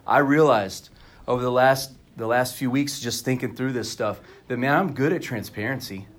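A man's voice: mid-range voice, moderate pace. Candid conversational male pastor preaching. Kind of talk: sermon.

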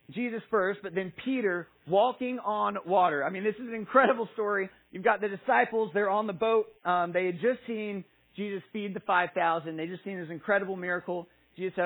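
A man with a high, husky voice preaches a casual sermon, reading scripture before retelling it with animated, playful character voices. His delivery is chatty and informal. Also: brisk, poor audio.

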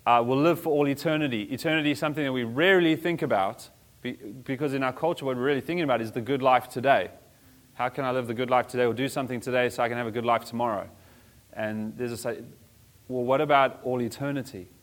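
A pastor preaching with a relaxed, conversational delivery, full of everyday slang. His voice sits at a middle pitch, neither deep nor high, and he sounds like he is chatting rather than orating. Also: fast talker. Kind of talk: sermon.

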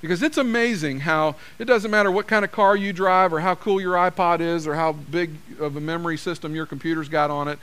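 Delivering a sermon, a man speaks plainly and conversationally, playing out the lines people say to each other. This pastor's high voice is sharp, clear, and resonant.

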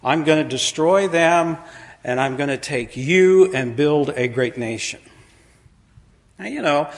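Folksy man preaching a sermon. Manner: folksy storytelling, dropping to a low quiet voice for quoted lines.

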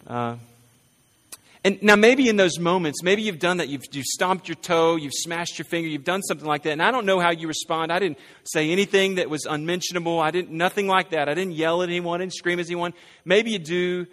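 A man's voice: high-pitched, a little fast, a bit bright, big-room sound. A man preaching a sermon to his congregation in a conversational way, often asking "right?" and repeating phrases as he goes. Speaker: pastor. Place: church sanctuary.

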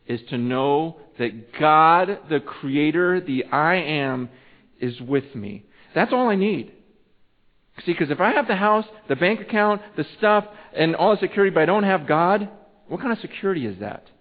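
A male pastor delivering a sermon, swinging between loud urgent preaching and hushed, intimate passages. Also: on the high side. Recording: tinny phone-like sound with long hall reverb.

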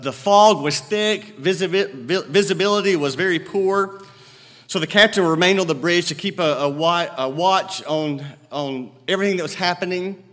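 Emphatic preacher in a reverberant hall. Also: male voice. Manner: emphatic, swings from loud declaring to low quiet storytelling. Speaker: pastor. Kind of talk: sermon. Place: church sanctuary.

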